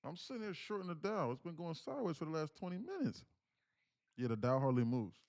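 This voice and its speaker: A man's voice: a little high, very animated, quick pace, a little mellow. Male streamer host, casual slangy delivery, loops back on phrases, insistent coach energy. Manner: slangy, repeats himself, keeps calling out "guys, listen". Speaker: day-trading livestream host. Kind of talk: casual live-stream talk to viewers.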